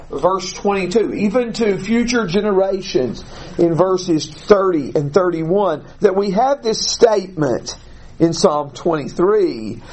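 A man teaching a classroom Bible lesson, explaining deliberately and putting questions to the class. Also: sits high, darkish tone, low-quality recording.

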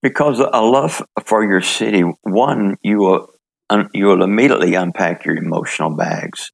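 An older man from the United States telling his story in an interview, halting, with many fillers and restarts. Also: fairly low pitch, gravelly. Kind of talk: relaxed testimony in conversation.

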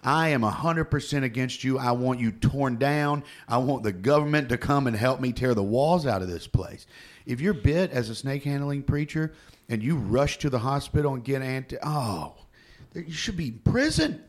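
A man co-hosting a casual chat, rambling and animated as he tells stories and laughs. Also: mid-range voice, normal speed.

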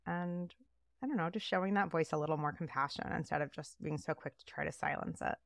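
A woman co-hosting a casual podcast chat, talking in an animated way and acting out the voices she quotes. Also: sits low, fairly quick, creaky, no room sound, studio quality. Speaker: podcast co-host.

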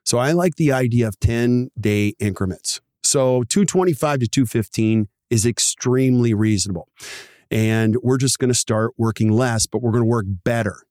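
A man's voice: mid-range voice, dry recording, studio quality. A man hosting a podcast, explaining practice numbers with energy and acting out little dialogues. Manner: animated, voices other people in quick asides. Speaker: podcast host. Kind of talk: enthusiastic explaining with acted-out dialogue.

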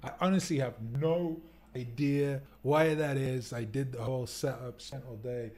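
A man's voice: medium pitch, fairly even intonation, moderate pace, darkish tone. A man hosting a casual live stream from a rental home, talking in a rambling, laid-back way and laughing often. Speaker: livestream host. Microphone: desk mic for streaming, wearing headphones.

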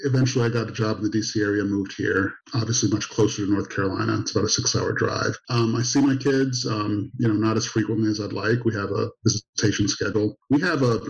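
A man with a lowish, flat voice tells his story steadily and without fuss. The sound is muffled and lo-fi. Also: fast talker, gravelly, few pauses. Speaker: divorced father in a group conversation. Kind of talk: casual conversation. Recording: dull lo-fi sound.

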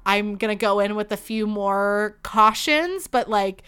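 A woman's voice: medium pitch, a little slow, fairly bright tone, smooth. A young woman hosting a podcast, talking candidly about a breakup, close to tears, swearing, filling her talk with likes and you knows. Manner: emotional, swearing, many fillers. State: holding back tears. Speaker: podcast host. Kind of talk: candid personal monologue.

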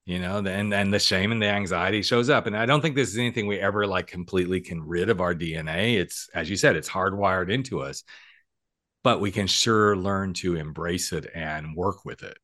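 A man over forty hosts a casual podcast interview with a lowish voice and plenty of upbeat chatter. He talks to his listeners like friends and cheers his guest on. The recording is dry and close, with no room sound. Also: a little fast, a bit bright, dry recording. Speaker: podcast host and coach.

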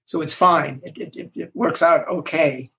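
An older man, a language creator, answering interview questions with animated stories and acting out the quoted lines. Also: fairly high pitch, moderate pace, poor audio.

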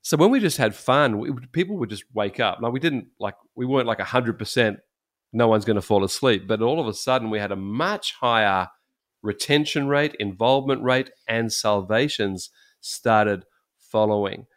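A middle-aged man, a pastor, telling stories in casual chat, animated and laughing often. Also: mid-range voice, normal speed.

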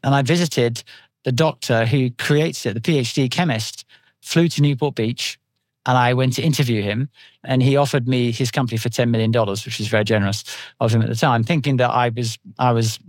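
Fast-talking British man on a podcast. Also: mid-range voice, steady tone, no echo. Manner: rambling, anecdotal explanations. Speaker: nutritional therapist guest. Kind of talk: podcast interview.

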